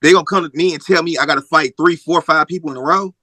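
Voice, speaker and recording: A man's voice: fairly high pitch, steady tone, fast, sharp tone, no echo. A man hosting a casual interview, asking probing hypothetical questions. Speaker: podcast host.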